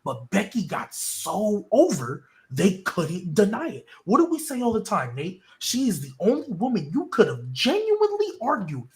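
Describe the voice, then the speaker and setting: A man's voice: high-pitched, huge pitch swings, normal speed, few pauses, darkish tone. A man hosting a casual wrestling podcast, talking in an opinionated, rambling way with frequent restarts. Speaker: podcast host.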